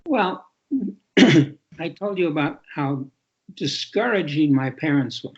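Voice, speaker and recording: A man's voice: fairly high pitch, lively intonation, takes it slowly, breathy edge. Older man, thoughtful, repeating himself. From New York City. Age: 80s. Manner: thoughtful, repeats words and phrases for emphasis. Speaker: author guest. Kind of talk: reflective interview talk. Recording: lo-fi muffled audio.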